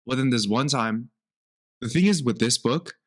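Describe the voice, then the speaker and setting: A man's voice: medium pitch, moderate pace. Young guy on a podcast, chatty, storytelling, does voices for his parents. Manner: animated storytelling, acts out quoted parents. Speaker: podcast co-host. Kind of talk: casual chat.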